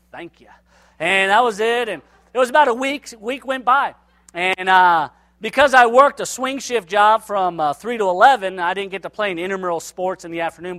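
Casting: male preacher, high and bright voice, animated storyteller who acts out every line of dialogue. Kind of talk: sermon storytelling.

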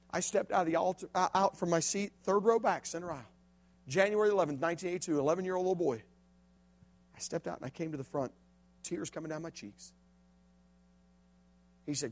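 A middle-aged man from Illinois giving a sermon testimony, dropping to a hush and then rising to a shout. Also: sits high, fairly quick, long pauses. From Illinois, USA. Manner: swings from hushed to shouting. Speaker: preacher.

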